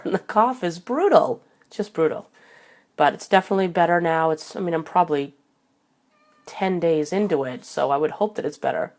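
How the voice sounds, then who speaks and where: A woman with a lowish, darkish voice hosts a casual live video chat from home on a desk microphone. Still recovering from a head cold, she's chatty, laughs often, and greets viewers by name.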